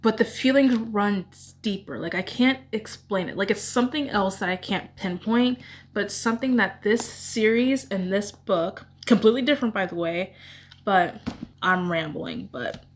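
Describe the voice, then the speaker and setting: A woman's voice: medium pitch, normal speed. A woman vlogger chatting casually about her favorite books, gushing and rambling with emotion. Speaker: book vlogger. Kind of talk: casual book chat.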